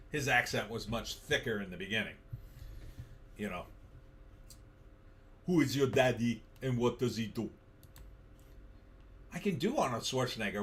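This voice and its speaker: A man's voice: mid-range voice, fairly bright tone, a little hiss or hum. A middle-aged man hosting a casual live stream, reading viewer comments aloud and riffing on them in a wry, offhand way.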